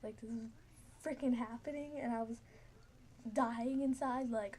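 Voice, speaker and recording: A woman's voice: a little high, steady tone, measured pace, long pauses, mellow, slight background noise. A teenage girl telling a story casually, rambling with many fillers and frequent giggles.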